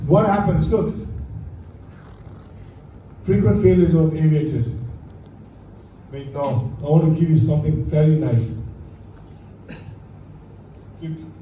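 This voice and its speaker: A man lectures a class on flying, quizzing his students with rhetorical questions. His voice is mellow and dark yet fairly high, and it comes from some distance across an echoey room with a faint hum behind it. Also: slow pace, pauses often. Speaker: aviation instructor.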